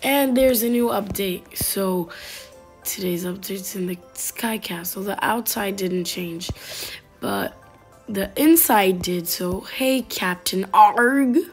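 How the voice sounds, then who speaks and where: A woman's voice: medium pitch, slow. A woman giving playful, casual commentary on her gameplay and reading the game's text aloud. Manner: chatty, playful, reads game text aloud. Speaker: gaming YouTuber. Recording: faint game music behind.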